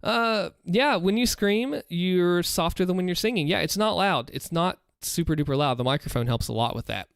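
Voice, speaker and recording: A man's voice: sits high, animated, normal speed, creaky, few pauses, clear, resonant tone, dry recording, clean studio sound. A man casually chatting on a live stream, answering viewer questions with earnest, rambling advice and frequent restarts, speaking into a desk microphone at home. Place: home room, seated in a chair.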